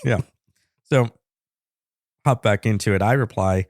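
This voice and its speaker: Deep-voiced, matter-of-fact male co-host. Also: unhurried, no room sound. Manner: dry, matter-of-fact storytelling. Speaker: podcast co-host. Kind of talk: casual podcast banter.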